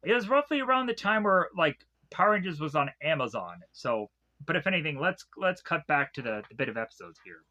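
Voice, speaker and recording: A man's voice: on the high side, sing-song, a little fast, pushed and bright, muffled recording. A man giving a rambling, casual episode recap, laughing often and swearing freely. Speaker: episode reviewer.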